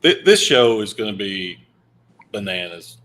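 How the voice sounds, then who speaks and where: A man's voice: lowish voice, big pitch swings, unhurried, a bit bright. A man with a Kentucky accent hosting a podcast, laid-back and joking. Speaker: podcast host. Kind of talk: casual podcast chat.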